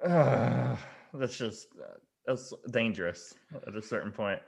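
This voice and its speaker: A man co-hosting a casual podcast, reacting with quick jokes, frequent laughs and swearing. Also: medium pitch, lively intonation, creaky, darkish tone, husky. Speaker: podcast co-host.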